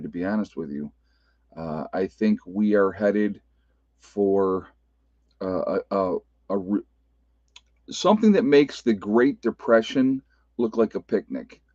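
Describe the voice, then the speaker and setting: A man's voice: lowish voice, a little mellow, dry recording. A man with an Appalachian American accent hosting a casual livestream, talking loosely, laughing often and restarting his sentences. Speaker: livestream host. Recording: dull lo-fi webcam audio.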